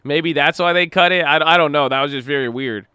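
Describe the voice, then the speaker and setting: A man giving casual live commentary on the stock market, excitable and easily startled, joking about conspiracy theories. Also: fairly high pitch, a little fast, clean tone, no room sound, studio quality. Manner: excitable, jumpy, laughs when startled. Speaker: market livestreamer.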